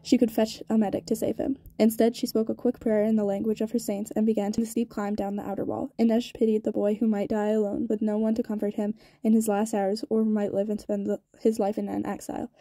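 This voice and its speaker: A woman narrates a novel in a steady, even way, with little rise and fall in her voice. Her tone is dark and mellow, and the recording is dry and sped up so that she sounds rushed. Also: medium pitch, no room sound. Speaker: audiobook reader. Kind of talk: reading a novel aloud.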